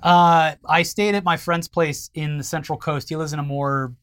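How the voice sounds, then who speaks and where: High, bright man cracking dry jokes. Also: fairly even intonation, moderate pace, clear, resonant tone. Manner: dry wisecracks and rambling anecdotes. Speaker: podcast co-host. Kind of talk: casual comedic news banter.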